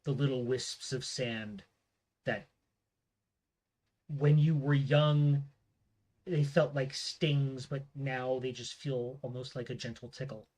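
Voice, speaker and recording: A man running a tabletop game as game master, narrating with many pauses and fillers. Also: mid-range voice, steady tone, darkish tone. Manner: hesitant, filler-heavy narration.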